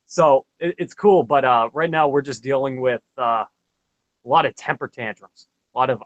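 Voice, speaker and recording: A man's voice: medium pitch, moderate pace, dry recording, highs cut off. Easygoing man in a dry, close sound. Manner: easygoing, agreeing with short replies. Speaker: guest in an RC hobby hangout. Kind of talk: casual chat.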